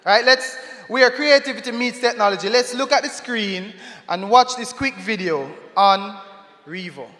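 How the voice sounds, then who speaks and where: A Jamaican man emcees a gala from the stage on a handheld mic, playful and laughing, slipping into patois for a comic poem. His voice is high-pitched, a little slow, and sharp, and the large hall echoes with long reverb.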